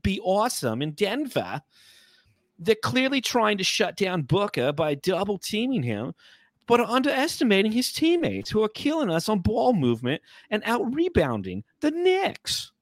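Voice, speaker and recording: A man puts on a mocking New York sports fan who swears his way through everything, in a broad put-on New York accent. The voice sits high and bounces all over, and the sound is close and dry. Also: huge pitch swings, moderate pace, no room sound, full character voice. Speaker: podcast host.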